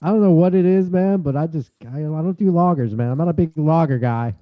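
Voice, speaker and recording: Man, podcast guest, joking, laid-back, slightly high voice, dull call audio. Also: brisk. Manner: joking, laughs often, says "dude". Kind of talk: casual roundtable chat.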